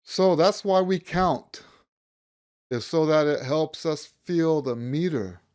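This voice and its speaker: A man's voice: a little high, slow, darkish tone. A man teaching a music lesson, counting beats aloud and stopping to rephrase himself as he explains.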